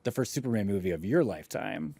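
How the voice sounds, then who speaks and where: A man with a fairly low, mellow voice co-hosts a podcast in loose, casual chat. He drifts through his points with plenty of fillers, recorded close and dry. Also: fast talker, gravelly, husky, dry recording. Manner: relaxed, filler-heavy, says like a lot. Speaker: podcast co-host.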